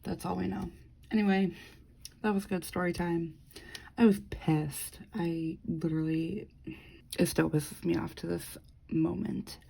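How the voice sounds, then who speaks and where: A woman with a low, gravelly voice and a dark, mellow tone, talking casually. She rambles through stories with plenty of fillers and swears freely while working on her planner. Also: steady tone, unhurried, long pauses, rough recording. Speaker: planner vlogger.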